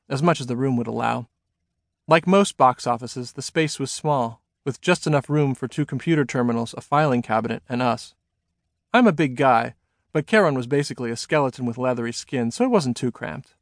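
A man reading his own novel aloud as a first-person audiobook narration, measured and expressive. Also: mid-range voice, dry recording, clean studio sound.

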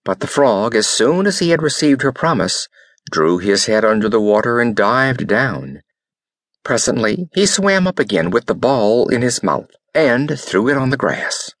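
A man's voice: mid-range voice, unhurried, no room sound, studio quality. A man narrating a fairy tale as an audiobook reader, telling it expressively. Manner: expressive storytelling.

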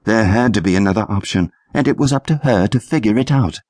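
Husky, lively male audiobook narrator. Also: lowish voice, fast, no echo, clean studio sound. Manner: lively, expressive storytelling. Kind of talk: scripted narration for children.

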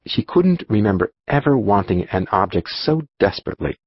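A man narrating a children's audiobook in an expressive storytelling manner. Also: fairly low pitch, fairly quick, no echo, muffled recording. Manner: expressive storytelling, voicing dialogue.

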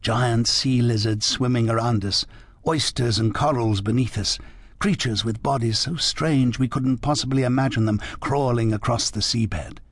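A male narrator voicing a mysterious, wistful French woman, speaking slowly and in hushed tones. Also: mid-range voice, no room sound, lightly acted. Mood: musing. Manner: slow, hushed, musing speech. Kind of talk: audiobook character reading.

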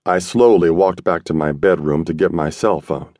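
A man narrating a first-person audiobook in a streetwise, slangy, gruff manner. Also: low voice, moderate pace, a little mellow, no echo, studio quality.

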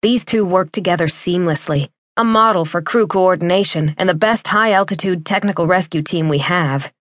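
Low-voiced woman narrating an audiobook. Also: normal speed, fairly bright tone, dry recording, studio quality. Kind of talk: first-person audiobook narration.

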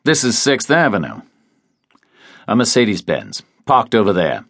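Man doing a terse, observant audiobook drifter, deep and matter-of-fact. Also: wildly swooping pitch, measured pace, fairly bright tone, dry recording, clean studio sound, exaggerated voice. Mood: blunt. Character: sharp-eyed tough male drifter. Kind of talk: audiobook character reading.

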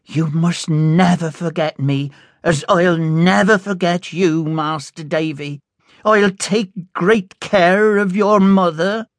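A weepy, devoted old nursemaid pleads softly and slowly, voiced by a man reading an audiobook. Her voice lifts above his usual register and stays close and dry. She sounds fond and grieving at once. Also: high-pitched, fairly even intonation, no echo, voice pushed up. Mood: tender. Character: tearful kindly old nursemaid woman.

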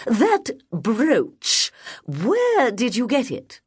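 A woman voicing a shrill, sanctimonious guardian. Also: huge pitch swings, slightly rough, full character voice. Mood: sour, stern. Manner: shrill, preachy, slow and deliberate. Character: prim, sanctimonious woman guardian scolding a child. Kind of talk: audiobook character reading.

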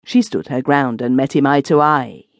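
A woman narrating an audiobook in a measured, expressive storytelling manner. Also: rumbling low, no room sound. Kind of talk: scripted narration.

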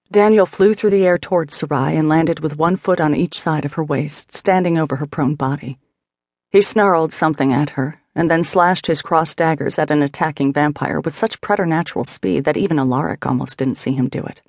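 A woman reading scripted narration for a fantasy romance audiobook, measured and expressive. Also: low-pitched, no room sound, studio quality.

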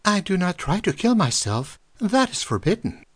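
Dude doing a quiet foreign girl, sweet soft voice, slurs her words a bit, pitched up. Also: sing-song, normal speed, no echo, studio quality. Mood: fatalistic. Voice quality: soft, sweet, slurred syllables. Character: young foreign woman, soft and fatalistic.

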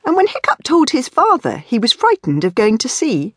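Woman, storybook narration, hugely animated and slow, husky, dry close sound, faint music. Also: fairly high pitch, dry recording. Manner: animated, playful, with whispered asides. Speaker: author reading her own book.

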